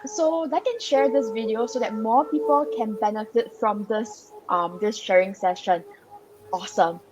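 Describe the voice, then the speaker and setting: A woman's voice: fairly high pitch, muffled recording, background noise. A slightly groggy woman co-hosting a live stock-market stream, chatting casually and tagging her sentences with "right?". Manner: chatty, tags sentences with "right?", many fillers.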